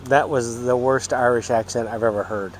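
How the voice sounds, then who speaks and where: A man's voice: medium pitch, steady tone, moderate pace, a little hiss or hum. A chatty man doing loose live commentary outside at a golf course in the evening. His talk wanders with plenty of fillers and restarts. Faint outdoor ambience sits underneath. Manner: rambling, filler-heavy, chatty. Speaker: livestream commentator.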